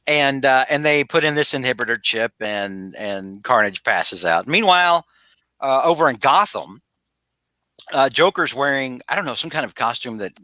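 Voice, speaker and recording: A man's voice: medium pitch, expressive, normal speed, pushed and bright, no echo. A man recapping a comic book on a podcast in a casual, rambling way, full of fillers and restarts, over a video call. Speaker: podcast host.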